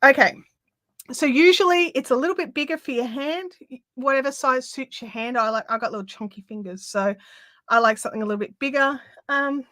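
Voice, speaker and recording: A high-voiced Australian woman chatting casually as she hosts a live craft stream, laughing often and sounding a little puffed. Her voice is close and dry, with no room sound around it. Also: brisk, pushed and bright, dry recording. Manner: chatty, giggly, easily amused. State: out of breath. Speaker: craft livestream host.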